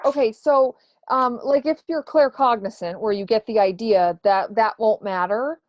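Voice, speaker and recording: A woman's voice: fairly high pitch, normal speed, no echo. Hesitant woman on a dull, dry line. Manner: hesitant, many fillers and restarts. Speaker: psychic medium. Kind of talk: relaying answers in a casual interview.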